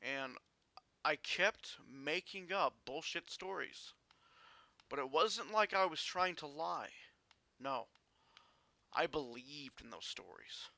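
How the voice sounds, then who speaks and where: A man vlogging a personal story in an earnest, halting way with frequent restarts. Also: fairly high pitch, lively intonation, creaky, sharp tone, no room sound.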